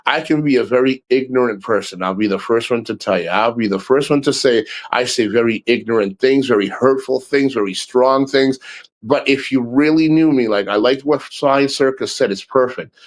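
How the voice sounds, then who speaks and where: A man's voice: medium pitch, normal speed. Blunt, profane middle-aged man rambling. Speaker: livestream host. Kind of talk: casual livestream talk.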